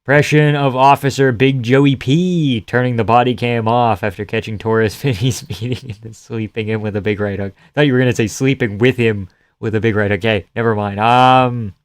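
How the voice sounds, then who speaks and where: A man hosting a live stream from his home setup, chatting casually with viewers and reading their comments aloud. He jokes around and swears freely. His mid-pitched voice is smooth and resonant, recorded dry and close. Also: steady tone, normal speed, dry recording.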